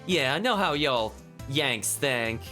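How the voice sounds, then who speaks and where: Brash Southern woman, slow sassy drawl, read by a man, bright tone. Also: medium pitch, expressive, soft background music. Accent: put-on Southern US drawl.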